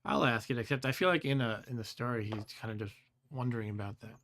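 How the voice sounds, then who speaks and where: Easygoing guy in his 40s chatting and reading a gamebook on stream, mid pitch, chuckles a lot, trips on foreign words. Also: fast talker, a bit bright. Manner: laid-back, chatty, chuckles often, stumbles over foreign words. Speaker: host reading a gamebook aloud. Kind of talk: casual live-stream chat and read-aloud.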